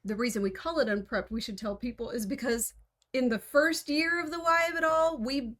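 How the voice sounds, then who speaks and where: A woman's voice: high voice, a little fast, a bit bright. A woman with a Texas accent, co-hosting a podcast in casual, open chat and laughing often. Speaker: podcast co-host.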